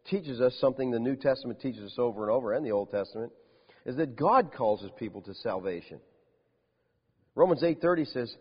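A man in a church sanctuary delivers an animated sermon, his pitch swinging widely as he stresses each point. His voice is a touch husky and sits on the higher side. The recording is dull and lo-fi, with long reverb hanging in the hall. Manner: animated, emphatic preaching with rhetorical questions. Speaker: pastor.

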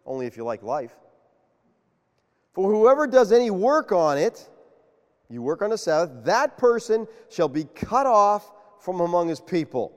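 A man preaching a sermon, animated and quizzing his congregation with questions. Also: sits high, measured pace. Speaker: pastor. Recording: long reverb of a large hall.

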